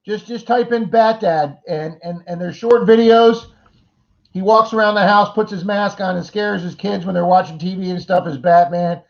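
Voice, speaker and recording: A middle-aged man hosts a casual livestream chat with a fairly high voice for a man. He greets viewers by name and wanders through jokey, rambling asides. The stream audio sounds dull and lo-fi. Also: steady tone, moderate pace, gravelly. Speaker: livestream host.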